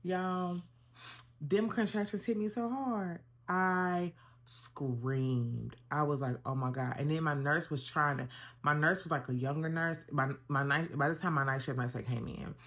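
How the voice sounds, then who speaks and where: Young woman vlogger, low voice, animated casual storyteller talking to viewers. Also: unhurried. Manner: animated, conversational, addresses viewers as y'all.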